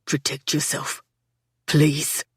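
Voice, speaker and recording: Lady doing a grim young mining guy, low, clipped, talks through his teeth, kinda dark and tense. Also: completely flat delivery, takes it slowly, breathy edge, no room sound, clean studio sound, heavily acted. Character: stern, desperate young male miner leader.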